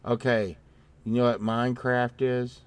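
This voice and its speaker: A man's voice: medium pitch, little pitch movement, unhurried, smooth. A man co-hosting a casual livestream chat, rambling and repeating himself with jokes and casual swearing. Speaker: livestream co-host.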